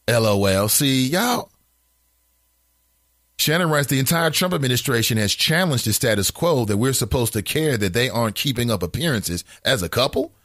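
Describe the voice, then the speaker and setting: On a casual call-in show, a man reads out listener messages in a flatter voice and reacts with lively, incredulous asides and laughs, his pitch swinging widely as he gets worked up. The recording is dry and close, with no sense of a room around him.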